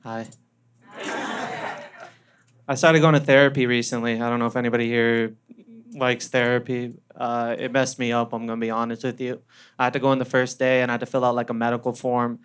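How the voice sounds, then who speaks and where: A young Canadian man performing a stand-up comedy set, telling stories with a deadpan, punchy delivery. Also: mid-range voice, fairly quick, pauses often, clear, resonant tone. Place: comedy club stage.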